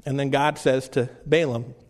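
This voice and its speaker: A male pastor preaching a sermon in a conversational way, often restarting phrases and slowing down to read scripture. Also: medium pitch, steady tone, darkish tone, long reverb tail.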